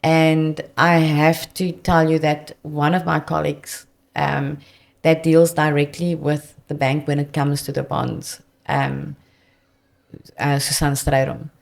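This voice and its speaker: A South African woman, a debt counsellor guest, telling earnest, animated client stories in conversation. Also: deep voice, slow pace, vocal fry. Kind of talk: conversational storytelling.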